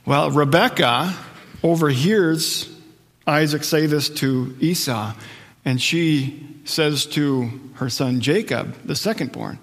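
A man's voice: on the high side, slow, big-room sound. A middle-aged man preaching a sermon, telling stories in a conversational way and acting out quotes. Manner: conversational storytelling with acted quotes. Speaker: pastor.

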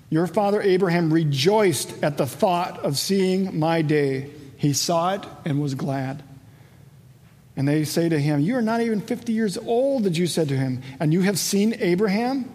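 A man's voice: fairly high pitch, darkish tone. Man preaching in an echoing hall. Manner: conversational Bible teaching, rhetorical questions, acts out dialogue. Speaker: pastor. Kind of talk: sermon. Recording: long hall reverb.

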